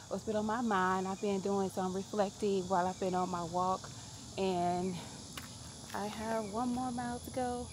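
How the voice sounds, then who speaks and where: A woman's voice: medium pitch, a little mellow, a little hiss or hum. Chatty woman vlogging on a walk. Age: 30s. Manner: chatty and candid, addresses viewers as y'all. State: slightly out of breath from walking. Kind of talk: casual chat to camera while walking. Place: outdoors on a morning walk.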